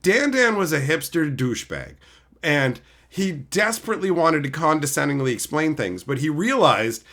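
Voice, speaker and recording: A middle-aged man chatting casually on a live stream, reading chat and telling animated, profane stories. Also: on the high side, moderate pace. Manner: animated, profane storytelling, mimics people.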